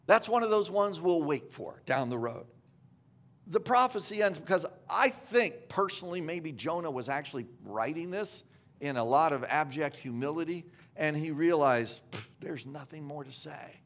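A man's voice: fairly high pitch, animated, normal speed, a bit bright. A man preaching a sermon in a conversational storytelling manner, with frequent restarts and asides.

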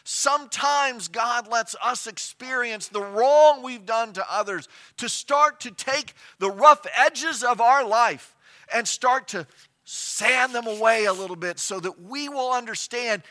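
A man preaching a sermon as pastor, retelling a scripture story with rhetorical questions and shifts between loud and soft emphasis. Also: extremely high pitch, lively intonation, measured pace.

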